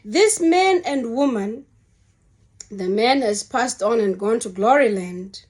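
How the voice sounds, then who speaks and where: A woman's voice: a little high, expressive, slow pace, darkish tone. A middle-aged woman giving an emotional, earnest Christian testimony in a sermon-like way, often repeating her words.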